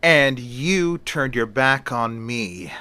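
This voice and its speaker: A man's voice: medium pitch, animated, slow pace, bright, forceful tone, clear, resonant tone, no echo. A man voicing a mocking voodoo sorceress. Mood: scornful. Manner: mocking, taunting.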